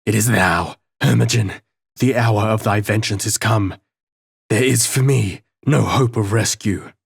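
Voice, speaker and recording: A man's voice: low voice, fairly even intonation, measured pace, no room sound, studio quality. A man voicing a desperate imprisoned male monk who speaks in an anguished, declamatory way.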